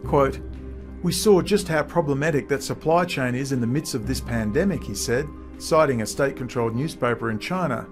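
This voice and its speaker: A man giving political commentary, reading quotes aloud and laughing at them mockingly. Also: mid-range voice. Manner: mocking, laughs at what he reads.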